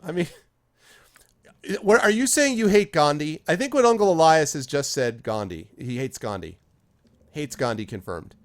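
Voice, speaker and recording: A man's voice: a little high, lively intonation, normal speed. A man streaming a game, chatting casually with viewers by name in a rambling way while he plays. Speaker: streamer reading chat while playing. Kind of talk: casual live-stream chat.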